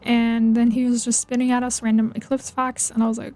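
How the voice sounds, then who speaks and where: A woman's voice: a little high, little pitch movement, brisk, few pauses, warm tone. A woman rambling playfully in casual chat while narrating a building game, full of "like" and "you know". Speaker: video game builder vlogger. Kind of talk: casual chat over gameplay. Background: faint background music.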